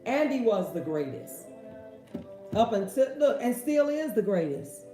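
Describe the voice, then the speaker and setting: A woman's voice: mid-range voice, big pitch swings, unhurried, warm tone, soft background music. A woman hosting a casual question-and-answer talk, with an emphatic, preachy, folksy way of speaking. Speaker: host. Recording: echoey room.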